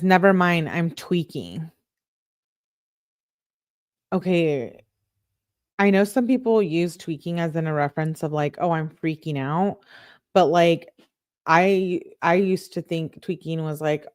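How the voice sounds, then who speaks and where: A woman hosting an online show, reading text messages aloud and breaking in with quick reactions of her own. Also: on the low side, darkish tone, dry recording, studio quality. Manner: reads quotes then breaks in with quick reactions. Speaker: online true-crime show host.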